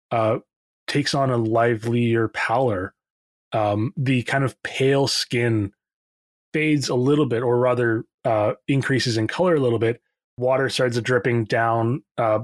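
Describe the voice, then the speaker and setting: A man narrating a tabletop game as game master, halting with many fillers. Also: medium pitch, no room sound, clean studio sound.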